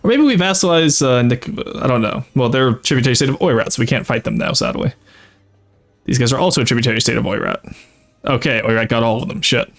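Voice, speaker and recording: A man's voice: medium pitch, fast talker. Man thinking aloud over a game. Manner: thinking aloud, explaining tactics with frequent fillers. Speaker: streamer playing a strategy game. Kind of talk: casual live-stream commentary.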